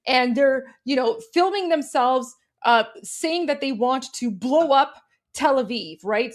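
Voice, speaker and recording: A woman's voice: high-pitched, expressive, a little slow. A woman co-hosting a casual political chat, indignant and sarcastic, often repeating words when heated. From Canada. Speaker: political commentator and co-host.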